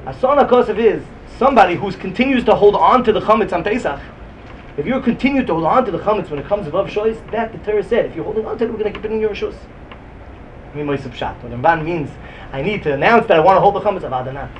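Fast, high-voiced man with a Yeshivish accent giving a Talmud class. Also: expressive, dull audio, a little hiss or hum. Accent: Yeshivish English. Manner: rapid, emphatic, mixes Yiddish and Hebrew terms into English. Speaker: Talmud teacher. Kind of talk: Talmudic lecture.

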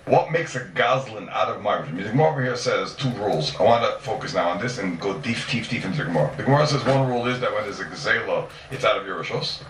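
Animated man teaching in an echoey room. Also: fairly low pitch, fast, few pauses, a little hiss or hum. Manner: repeats and restates points emphatically; asks rhetorical questions and answers them. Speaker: Talmud teacher. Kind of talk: Talmud class lecture. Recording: echoey room, mic at a distance.

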